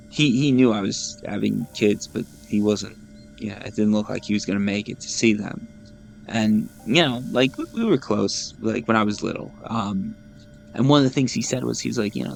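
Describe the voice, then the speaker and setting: A man in his thirties talks casually over gameplay with a low, gravelly voice. He rambles and restarts, with a self-deprecating humor. Soft music plays faintly behind him. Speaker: gaming YouTuber host.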